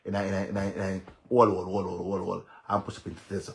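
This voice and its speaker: A man with a Jamaican accent ranting on a livestream as a social media commentator, loud and mocking, laughing and cursing as he goes. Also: low voice, completely flat delivery, fast talker, vocal fry. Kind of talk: livestream rant.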